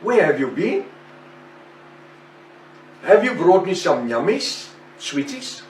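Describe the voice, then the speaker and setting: A man's voice: high-pitched, big pitch swings, takes it slowly, reverberant, far from the mic, a little hiss or hum, exaggerated voice. A man voicing his pet female parrot, with a sing-song, mimicking delivery. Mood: sweet greeting. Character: chatty pet female parrot, sweet and cheeky.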